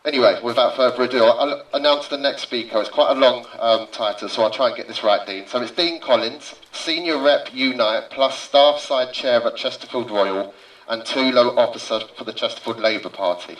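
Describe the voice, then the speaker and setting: A male psychiatric nurse hosting a rally, speaking haltingly and emotionally. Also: medium pitch, roomy sound, far from the mic, rough recording. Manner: emotional, halting, holding back tears. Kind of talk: rally speech and speaker introductions. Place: outdoor street rally.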